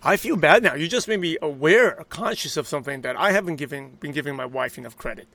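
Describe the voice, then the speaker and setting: A man in his thirties hosting an interview, eager and reflective, quick to agree. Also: a little high, expressive, fairly bright tone. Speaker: podcast host. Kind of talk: casual interview talk.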